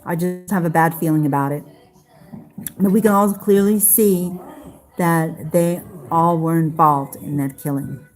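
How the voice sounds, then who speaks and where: A woman chatting casually on a live stream, halting, with many fillers and restarts. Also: low-pitched, darkish tone, faint music behind. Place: home in Las Vegas.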